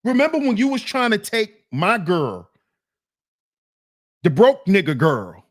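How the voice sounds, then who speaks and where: A man hosting a solo commentary show, reacting to a clip with teasing, drawn-out rhetorical questions. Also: sits high, wildly swooping pitch. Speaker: commentary channel host.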